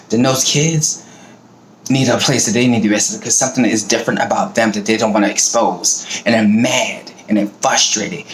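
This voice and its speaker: A middle-aged man from the American South talking in a blunt, profane, fired-up casual monologue. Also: mid-range voice. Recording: roomy echo, faint background noise.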